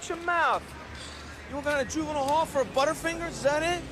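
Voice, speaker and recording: An actor playing a gruff man who confronts and mocks a young thief, in a noisy film clip. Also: very high-pitched, fast. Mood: bullying. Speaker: film character.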